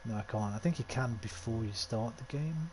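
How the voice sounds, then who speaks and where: A man's voice: medium pitch, brisk, darkish tone, a little hiss or hum. A man giving casual, self-mocking commentary while streaming a game. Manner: chatty, self-mocking, thinks aloud. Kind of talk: casual let's-play commentary.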